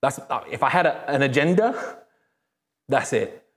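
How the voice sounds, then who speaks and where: A man preaching a sermon as a pastor, speaking conversationally and emphatically, with repeated phrases and animated rises. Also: mid-range voice, measured pace. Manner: animated, rises sharply when excited. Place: church.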